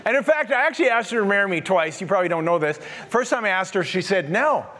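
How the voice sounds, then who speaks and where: A man in his sixties delivers a sermon from the pulpit with a notably high voice. He tells stories with gentle, self-deprecating humor. His tone stays conversational and friendly. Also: lively intonation, fast. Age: 60s. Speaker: pastor.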